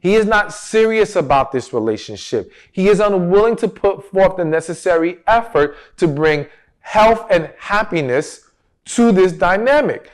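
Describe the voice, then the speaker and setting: Man, advice host, high-pitched, emphatic and direct, rhetorical questions. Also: animated, unhurried. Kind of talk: direct-to-camera advice talk.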